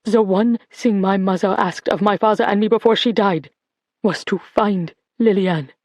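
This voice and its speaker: A woman's voice: medium pitch, normal speed, no echo, lightly acted. A woman playing a fierce, unforgiving old woman. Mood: furious. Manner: sharp, accusing.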